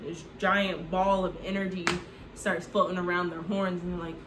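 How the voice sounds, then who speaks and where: A woman's voice: lowish voice, level tone, moderate pace, noisy background. Rambling woman retelling a movie. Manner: loose, rambling, full of "like", swears. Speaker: movie recap host. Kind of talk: casual comedic movie retelling. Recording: echoey room.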